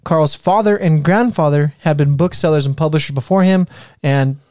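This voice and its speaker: A man's voice: fairly high pitch, moderate pace, darkish tone, no room sound, clean studio sound. A man co-hosting a casual history podcast, reading from notes with many fillers and restarts. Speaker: podcast co-host presenting history.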